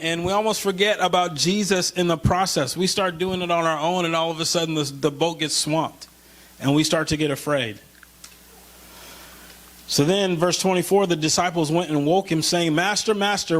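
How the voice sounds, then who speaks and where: A man with a fairly high voice preaches in church in an easy, conversational way. He slows down to read scripture and lifts his voice when he acts out a plea to God. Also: fairly bright tone. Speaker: pastor. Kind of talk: sermon.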